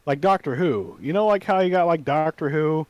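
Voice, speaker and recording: A man's voice: on the high side, expressive, normal speed, no echo, dull audio. A young man co-hosting a podcast, sarcastic and skeptical, trading silly puns. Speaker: podcast co-host. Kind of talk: casual chat.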